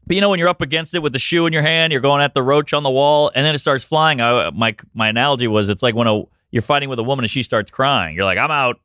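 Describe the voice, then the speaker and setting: A man co-hosting a comedy podcast, animated and laughing often as he tells stories and jokes. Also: mid-range voice, fast talker, hardly any pauses, clear, resonant tone, dry recording, studio quality. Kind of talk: casual chat, telling stories and bits.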